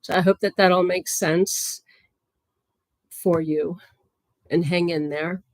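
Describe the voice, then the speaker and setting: A woman giving psychic readings on a livestream in a gentle, chatty way, with many fillers and soft laughs. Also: lowish voice, fairly even intonation, slow, no room sound.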